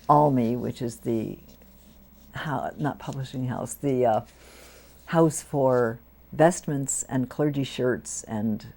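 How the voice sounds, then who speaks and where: Low gravelly older woman telling stories. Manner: warm anecdotal storytelling with lively quoted voices. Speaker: Episcopal priest, interviewee. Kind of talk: storytelling interview. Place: community TV studio.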